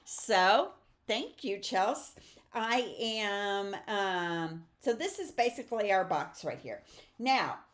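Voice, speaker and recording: Brief: middle-aged woman, friendly craft instructor, chatty and upbeat, average pitch. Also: lively intonation, slow. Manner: chatty, upbeat, talks to viewers while crafting. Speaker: stamping and papercraft instructor. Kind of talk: casual craft tutorial.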